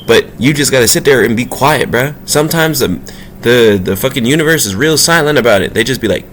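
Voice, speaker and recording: A man speaks in a loose, profane, slangy monologue about the soul and the universe. His voice is mid-pitched and keeps swinging from low, mumbled asides up to loud, drawn-out emphatic bursts. There is a faint noise behind him. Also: animated. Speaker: spiritual vlogger. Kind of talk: casual spiritual monologue.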